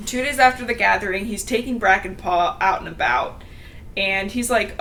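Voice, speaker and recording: A young woman talks through a book recap at home in a loose, chatty way, laughing often and tossing in blunt asides. Her pitch sits mid-range for a woman. A faint hiss lies under the voice. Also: moderate pace, bright, forceful tone. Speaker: podcast host. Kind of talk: casual book recap chat.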